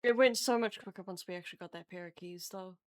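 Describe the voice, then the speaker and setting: A woman player in a tabletop campaign, chatting and recapping the last session in an unhurried way, searching for words with ums and breaking into giggles. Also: fairly low pitch, no echo, studio quality. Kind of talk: casual chat and session recap.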